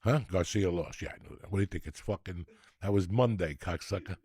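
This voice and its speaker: A husky man in his 60s hosts a podcast, his voice sitting low and moving fairly quickly. He delivers a storytelling comedy rant, spinning rambling, profane comic tales in an animated way.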